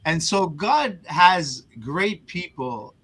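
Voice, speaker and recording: A man's voice: high-pitched, lively intonation, extremely slow, fairly bright tone, slight background noise, poor audio. A man who is a guest on an interview show earnestly recounts a personal story, often repeating words and restarting his sentences. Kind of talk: conversational storytelling.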